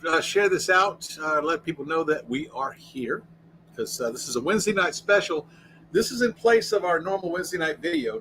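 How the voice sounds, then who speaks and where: A man's voice: medium pitch, a bit bright, a little hiss or hum, rough recording. An American man hosting a casual livestream from inside his RV, rambling and answering the chat as he goes. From United States. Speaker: livestream host.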